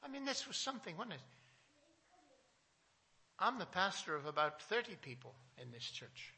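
A male pastor preaching a Sunday sermon to his small congregation, reading scripture with emphasis and asking questions, swinging from loud to soft. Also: high-pitched, big pitch swings, normal speed, gravelly.

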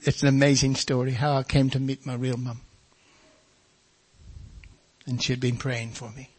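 Husky older male preacher telling his story. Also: medium pitch, level tone, moderate pace, a little mellow. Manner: storytelling, folksy, acts out voices of others. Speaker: preacher giving his testimony. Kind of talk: testimony sermon.

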